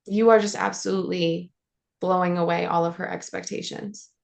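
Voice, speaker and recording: A woman's voice: on the low side, little pitch movement, moderate pace, gravelly. Swearing, effusive woman podcast host. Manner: swears freely, effusive and affectionate. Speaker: podcast host and life coach. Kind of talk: emotional casual interview chat.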